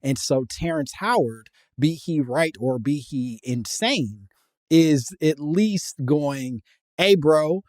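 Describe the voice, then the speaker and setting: A man hosting a podcast in casual chat, loose and joking, with bursts of loud laughter. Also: a little high, expressive, slow, dry recording, clean studio sound. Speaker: podcast host.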